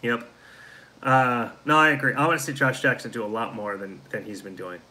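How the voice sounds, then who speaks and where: A man's voice: medium pitch, fairly even intonation, fairly quick, sharp tone, low-quality recording. A man hosting a live show in casual chat, reading out viewer comments and answering them in a tired, let-down way. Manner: frustrated, deflated fan talk. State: tired, yawning. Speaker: host of a live fan show.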